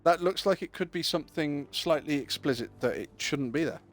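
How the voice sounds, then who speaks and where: A man's voice: a little high, brisk. A young man chatting casually and joking with his viewers while streaming a game. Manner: chatty, joking, talks to chat. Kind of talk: casual gameplay chat.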